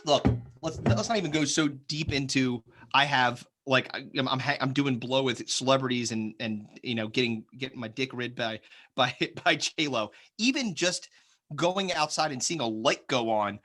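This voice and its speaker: A man's voice: mid-range voice, moderate pace, bright, forceful tone. A man in his thirties hosting a casual podcast chat, rambling and profane, joking and slipping into silly voices. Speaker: podcast host.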